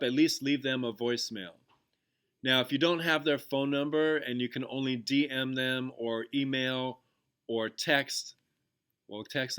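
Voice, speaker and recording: Man, podcast host and teacher, bright tense tone, loose chatty delivery with restarts. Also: medium pitch. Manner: conversational, loose with fillers and restarts, retells a classroom story. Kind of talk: casual podcast talk guiding a gratitude exercise.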